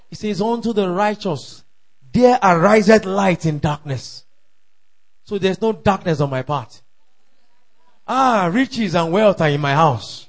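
A man preaching a fervent sermon, repeating declarations, often shouting and laughing. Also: sits high, animated, a little slow, pauses often. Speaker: pastor.

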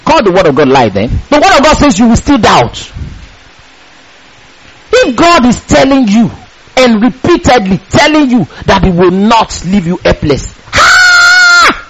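High-voiced, impassioned preaching man. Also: big pitch swings, slight background noise, low-quality recording. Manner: impassioned, rising to shouts on key lines; reads scripture slowly with emphasis. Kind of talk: sermon.

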